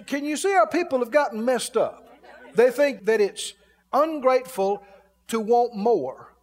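A man's voice: very high voice, long reverb tail. A man preaching a sermon in a folksy way, laughing as he acts out grumbling complaints.

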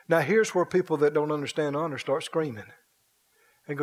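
A man's voice: a little high, brisk. A male pastor preaching a sermon, telling a story dramatically, repeating phrases in a driving cadence and asking the congregation questions. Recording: long reverb in a large hall.

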